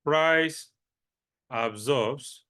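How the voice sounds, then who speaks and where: A man's voice: medium pitch, extremely slow, a bit bright. A man teaching a trading lesson, repeating key phrases and answering his own questions. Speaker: trading instructor. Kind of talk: lecture with repetition.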